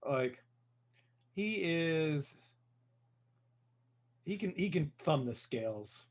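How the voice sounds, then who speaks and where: A man's voice: fairly high pitch, animated, extremely slow. A man co-hosting a live brewing stream, chatting casually and agreeably in short replies. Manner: easygoing, agreeable, brief replies. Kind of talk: casual chat.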